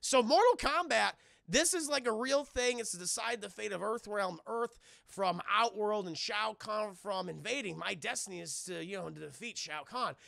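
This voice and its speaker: A man's voice: high-pitched, normal speed, vocal fry, no room sound, clean studio sound. A man streaming a casual, profane scene-by-scene movie recap to his chat. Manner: animated, profane, laughing often. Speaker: streamer and film reviewer.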